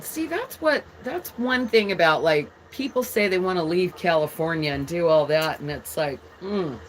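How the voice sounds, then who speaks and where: Woman, low voice, slow relaxed talk, live-stream jewelry host, casual chat with viewers, faint background noise. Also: rough recording. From England. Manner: chatty, reads viewer comments aloud while showing jewelry.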